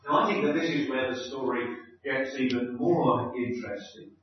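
A man preaching an expository sermon in an animated, emphatic way, repeating his key phrases. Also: medium pitch, moderate pace, a little hiss or hum. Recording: echoey hall, distant mic, dull sound.

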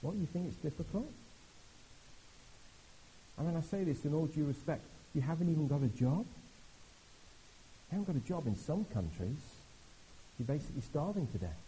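A middle-aged man preaching an animated, conversational sermon, swinging from hushed asides to loud exclamations. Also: a little high, brisk, pauses often, slight background noise, poor audio. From Britain. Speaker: visiting preacher.

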